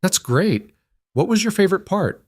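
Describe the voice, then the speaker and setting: A man's voice: high-pitched, very animated, normal speed, no echo, clean studio sound, voice pushed up. A man voicing an anxious, protective single father who speaks urgently. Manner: urgent, insistent.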